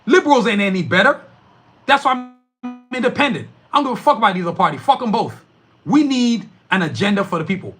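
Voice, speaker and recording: A fired-up man rants on his podcast, swearing hard and hammering his points. His voice sits high and bright and swings widely up and down as he pushes on. He breaks off now and then to answer his live chat. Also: animated, fast talker. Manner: profane, fired-up, emphatic. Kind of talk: heated political rant.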